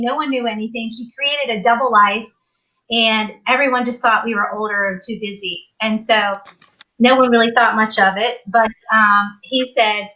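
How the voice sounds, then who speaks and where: A woman guest on a live talk show, telling a personal story in an animated way and acting out the people she quotes. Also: on the high side, dull audio.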